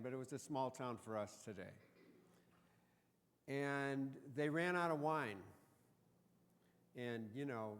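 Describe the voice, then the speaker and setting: A man preaching in a church sanctuary with a long, echoing reverb, his voice set in the middle of the usual male range. He tells the story in a loose, joking, conversational way. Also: mid-range voice. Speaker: pastor. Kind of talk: sermon.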